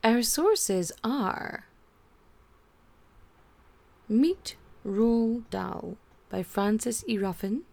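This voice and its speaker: A woman's voice: fairly high pitch, animated, extremely slow, vocal fry, long pauses, dark tone, dry recording. A young woman hosting a podcast, rambling and chatty, packing her talk with "like". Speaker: podcast host. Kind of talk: casual podcast chat.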